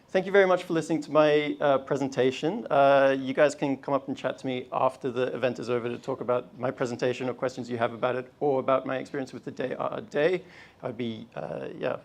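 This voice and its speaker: A man giving an energetic live research talk at a university event, leading the audience in call and response with casual fillers. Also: mid-range voice, vocal fry. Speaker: research slam presenter.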